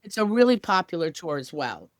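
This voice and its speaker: A woman's voice: fairly low pitch, big pitch swings, a little fast, no room sound, studio quality. A woman guest on a travel podcast, talking in an upbeat, chatty way with many casual asides. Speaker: tour company guest. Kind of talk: enthusiastic podcast interview.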